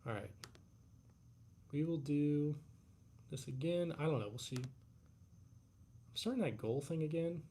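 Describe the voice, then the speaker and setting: A tired man from the United States hosting a casual live Q&A stream, talking in a laid-back, halting way with many fillers and restarts. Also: a little high, lively intonation, dark tone, slight background noise. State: tired, yawning. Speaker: livestream host.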